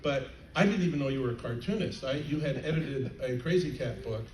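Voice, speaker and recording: An older man chatting on a convention panel, halting with many fillers and restarts. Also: medium pitch, animated. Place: convention hall panel stage. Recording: roomy, distant, faint crowd noise.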